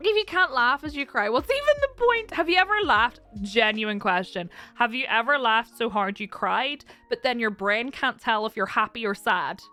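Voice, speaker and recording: Woman, high voice, teary, laughing often, casual stream chat, faint music behind. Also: lively intonation, moderate pace, few pauses, bright, forceful tone. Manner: emotional, laughs often, reads chat aloud. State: teary, close to crying.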